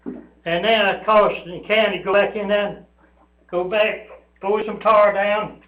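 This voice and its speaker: Older man, high voice, slow rambling public comment; echoey hall, lo-fi sound. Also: fairly even intonation. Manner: rambling, aggrieved, repeats himself. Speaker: public commenter at county meeting. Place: county meeting room. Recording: echoey room, dull lo-fi sound.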